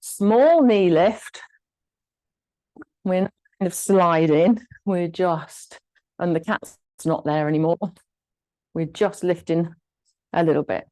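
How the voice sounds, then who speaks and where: A woman instructor guiding a gentle exercise class, giving encouraging cues and short counted commands. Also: on the low side, slow, pauses often, rough recording. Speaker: fitness instructor.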